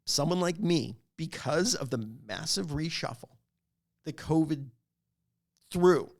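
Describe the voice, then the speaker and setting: A man's voice: on the high side, slow pace. A man speaking as a podcast guest, talking in a reflective, expansive way. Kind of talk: conversational interview.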